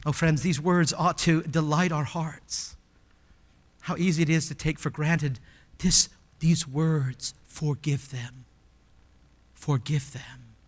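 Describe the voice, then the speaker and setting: Emphatic male pastor, fairly high voice. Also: fairly even intonation, in a large hall. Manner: emphatic preaching, swinging from loud exclamations to hushed, slow asides. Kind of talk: sermon.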